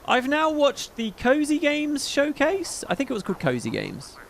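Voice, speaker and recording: A man's voice: very high voice, huge pitch swings, normal speed, creaky, a little hiss or hum. A man hosting a casual livestream, chatting in a rambling, profane way with frequent asides. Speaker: livestream host.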